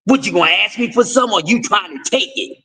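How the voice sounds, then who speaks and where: Male stream host, very high-pitched, profane lecturing rant. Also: animated, a little fast, sharp tone, rough recording. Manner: profane, confrontational, lecturing with repeated refrains. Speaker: host of a boxing talk stream. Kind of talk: ranting commentary.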